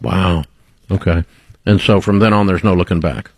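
A man's voice: low voice, fairly even intonation, moderate pace, darkish tone, dry recording. Upbeat joking male radio host. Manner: upbeat, joking, sarcastic asides. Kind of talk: casual on-air interview.

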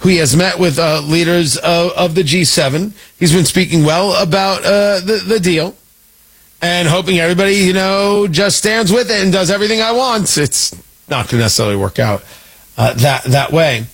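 A man hosting a political commentary show, talking in a sarcastic, animated monologue that swings his pitch for emphasis. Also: normal speed, slightly rough. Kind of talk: opinionated monologue.

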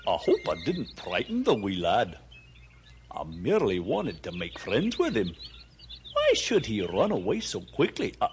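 A man's voice: medium pitch, noisy background. A man voicing a clumsy, friendly dog in a little hat, with a shy, stammering, polite manner.

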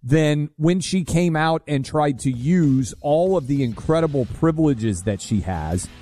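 A man's voice: on the high side, animated, a little slow, dark tone. A male radio co-host in casual talk-radio banter, teasing and chatty, with lots of fillers.

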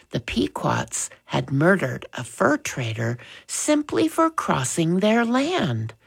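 A woman narrating a storybook in a measured, expressive reading. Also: fairly low pitch, creaky, husky, dry recording.

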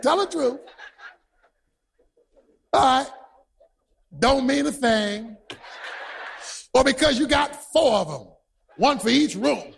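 A man preaching a sermon to a congregation, storytelling with bursts of shouted emphasis. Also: very high voice, lively intonation, takes it slowly, pauses often, slight background noise. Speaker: pastor. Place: large church hall. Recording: reverberant hall, husky tone.

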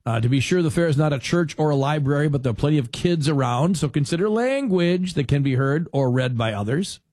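A rambling, animated male talk host with a fairly high voice, telling stories and acting out quotes. His voice sounds dry and close, with no room around it. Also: fairly quick, dry recording. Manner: animated storyteller who acts out quotes; rambling with restarts. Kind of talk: casual chatty monologue.

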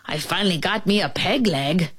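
A woman voicing a gruff, blustery male pirate captain in a storybook reading, with drawling pirate talk. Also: fairly low pitch, moderate pace, a bit bright.

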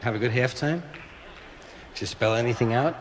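A man's voice: mid-range voice, brisk. A man doing stand-up comedy, chatting with the audience in a conversational way. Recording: echoey hall with some noise.

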